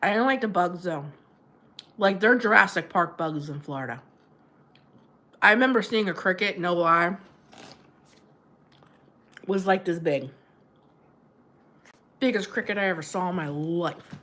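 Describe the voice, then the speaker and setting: A woman's voice: fairly low pitch, measured pace, long pauses, fairly bright tone. A middle-aged woman hosting a casual livestream, chatting and giggling as she answers viewers' comments. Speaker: livestream host.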